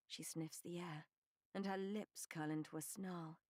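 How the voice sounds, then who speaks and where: A woman's voice: lowish voice, steady tone, moderate pace, darkish tone, no room sound, studio quality. Woman narrating a first-person audiobook.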